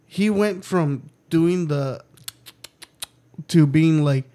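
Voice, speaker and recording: A man's voice: on the high side, drawn-out words, mellow. A man in his thirties, a podcast co-host and father, telling profane stories in casual chat and laughing often.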